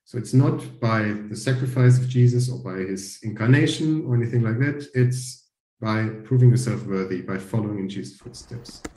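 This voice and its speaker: A man's voice: medium pitch, moderate pace, warm tone, reverberant, poor audio. A man explaining ideas in a played clip, hesitant and full of ums. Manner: hesitant, many ums and sort-ofs. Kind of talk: explanatory discussion.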